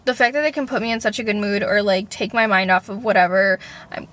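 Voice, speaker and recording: A woman's voice: medium pitch, fast talker, a bit bright. A young woman talking casually to camera in a personal vlog, rambling, filling with "like" and swearing freely. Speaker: vlogger.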